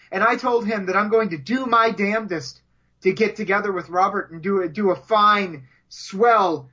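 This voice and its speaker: Guy with a high bright voice rambling on a podcast, keeps stumbling over his words, kinda dull lo-fi sound. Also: slightly rough. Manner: rambling, stammering, repeats words. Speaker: podcast co-host. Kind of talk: comedic podcast banter. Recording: dull lo-fi audio.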